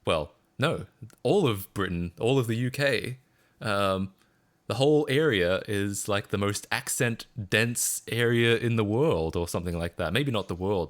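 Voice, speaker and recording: A man with an Australian accent chatting casually on a live stream, rambling and self-deprecating with frequent chuckles. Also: fairly low pitch.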